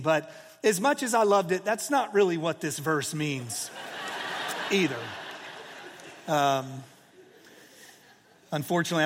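A man in his forties delivers a sermon in a loose, storytelling style, leaning on "you know" and "like." His voice sits fairly high for a man. The sound carries a long reverb, as in a large hall. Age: 40s. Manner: storytelling, conversational with many fillers. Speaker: pastor.

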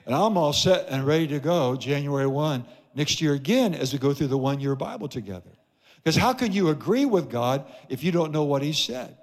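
A man's voice: fairly high pitch, in a large hall. A man preaching a sermon as pastor in a church, emphatic with repeated phrases. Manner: emphatic, repetitive preaching cadence. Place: church sanctuary.

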